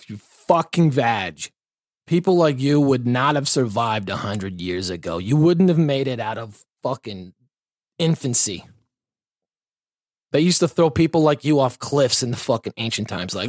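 A man's voice: mid-range voice, animated, moderate pace, no room sound, studio quality. A man hosting a podcast in an angry, sarcastic and heavily profane comedic rant, full of rambling asides. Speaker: podcast host.

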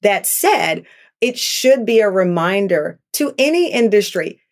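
A middle-aged woman, a talk show host as a guest, telling her story in an interview, earnest and animated, acting out quotes. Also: mid-range voice, a little slow. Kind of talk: podcast interview.

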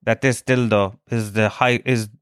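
A man's voice: lowish voice, steady tone, unhurried, clear, resonant tone, no echo, studio quality. A young Irish man, a stand-up comedian, hosting his podcast in a crude, swearing, joking monologue.

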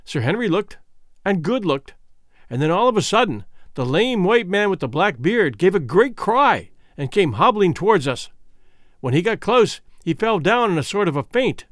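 Brief: male audiobook reader, high animated voice, measured storytelling, dry booth sound. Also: no room sound. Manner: measured first-person storytelling. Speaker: audiobook narrator. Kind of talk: scripted narration.

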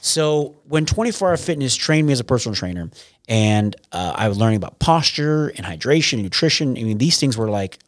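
A man's voice: mid-range voice, sing-song, brisk, dry recording. Rambling man in a dry close recording. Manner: rambling, with frequent restarts and profanity. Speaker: podcast guest. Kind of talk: casual conversational interview.

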